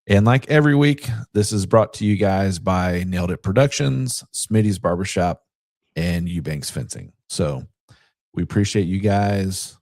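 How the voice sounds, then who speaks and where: A man's voice: low-pitched, a little slow, darkish tone. A man co-hosting a casual sports talk podcast, telling stories in a chatty way with quoted asides. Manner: chatty storyteller who retells events with quoted asides. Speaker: podcast co-host.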